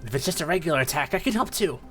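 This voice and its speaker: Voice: mid-range voice, lively intonation, very fast, faint music behind, pitched above the performer's own voice, close to an everyday voice. A streamer voicing an eager little fire monkey who pleads with his boss.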